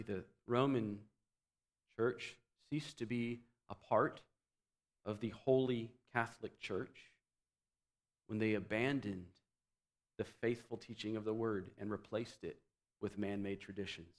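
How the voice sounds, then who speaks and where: A man preaching a teaching sermon, explaining doctrine and swinging between loud emphatic phrases and quiet low asides. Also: steady tone, unhurried, long pauses. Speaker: pastor.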